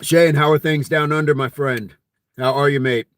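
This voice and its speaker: A man's voice: fairly high pitch, steady tone, moderate pace. A man hosting a casual fitness live stream, reading viewer comments aloud in a jokey, friendly way and laughing often.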